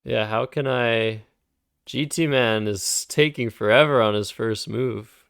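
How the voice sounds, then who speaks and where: A man's voice: medium pitch, slow, creaky, a bit bright, clean tone, no echo, clean studio sound. A man casually thinking aloud while playing word games on a live stream. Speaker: streamer and Scrabble player.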